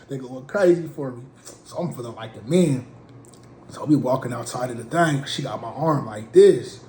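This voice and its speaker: A man from Portland telling a comic story in an animated, slangy way. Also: mid-range voice, normal speed, slight background noise. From Portland, USA. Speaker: comedic storyteller. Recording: roomy with faint ambience.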